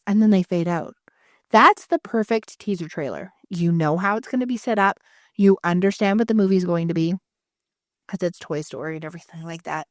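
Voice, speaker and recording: A woman co-hosting a casual podcast chat, telling animated stories with lots of swearing and acted-out quotes. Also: fairly low pitch, fairly quick, no room sound, studio quality. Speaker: podcast co-host.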